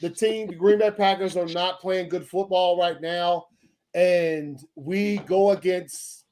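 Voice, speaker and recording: A man's voice: sits high, steady tone, slow, darkish tone. A man co-hosting a sports podcast, ranting in a heated, profane way with many stammered restarts. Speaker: podcast co-host. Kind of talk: casual sports podcast rant.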